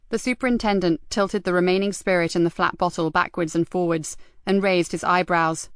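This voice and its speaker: A woman reading an audiobook as the narrator, in a measured, even storytelling manner. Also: lowish voice, clear, resonant tone, no room sound, clean studio sound. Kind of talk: scripted narration.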